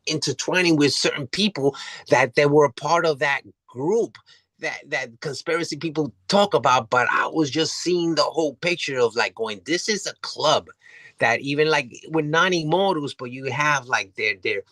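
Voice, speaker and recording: A man's voice: medium pitch, sharp tone, dry recording. A man telling a story as an interview guest, rambling, restarting often and swearing freely. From New York City.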